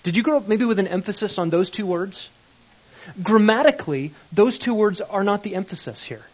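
A man's voice: sits high, expressive, brisk, dull audio. A man teaching a Bible grammar lesson, explaining step by step and checking in with questions.

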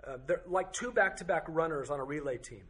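A man's voice: a little high, fairly quick, fairly bright tone. A man teaching a Bible study class, firing off strings of rhetorical questions with occasional joking asides. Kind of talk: teaching to a group.

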